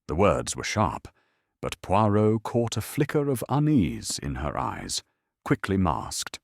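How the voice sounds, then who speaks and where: Deep-voiced male mystery narrator. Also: takes it slowly, vocal fry, no echo, clean studio sound. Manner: steady, descriptive storytelling. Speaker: audiobook narrator. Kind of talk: scripted narration.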